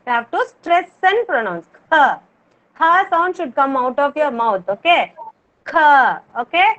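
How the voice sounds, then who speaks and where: A kindergarten teacher, running an online class and patiently repeating words for the children to echo. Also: female voice, sits high, animated, moderate pace, fairly bright tone, highs cut off. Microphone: video call.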